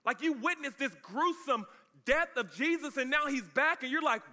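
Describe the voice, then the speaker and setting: An energetic pastor preaching a lively sermon in a high, strikingly bright voice. He talks casually and keeps calling out to his congregation to stay with him. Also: moderate pace.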